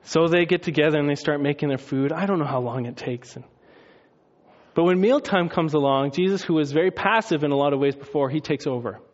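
A male pastor delivers a sermon in a high, bright-toned voice, swinging between hushed and loud as he acts out the story. The recording sounds a little dull and muffled. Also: brisk. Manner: animated storytelling, acting out voices and shouts.

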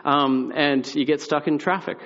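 A young adult man preaching, telling a personal story with animated delivery and acted-out voices, then dropping to a quiet, reflective tone. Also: a little high, normal speed. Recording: muffled sound in a large reverberant hall.

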